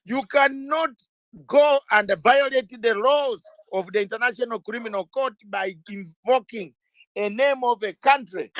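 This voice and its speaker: In an impassioned interview, an unhurried middle-aged man with a notably high-pitched voice makes his points like a lawyer arguing a case. Emphatic, he piles up rhetorical questions and repeats key words, and the sound is dry with hardly any room echo.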